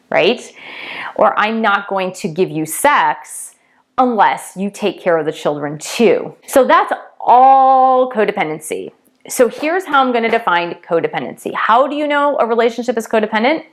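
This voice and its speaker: A woman coach giving a casual teaching talk, emphatic, repeating key words and checking in with "okay?" and "right?". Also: mid-range voice. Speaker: twin flame coach and tarot reader.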